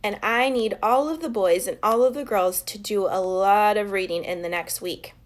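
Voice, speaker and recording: A woman voicing a calm, patient schoolteacher in a storybook, gentle but firm. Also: medium pitch, moderate pace, natural voice.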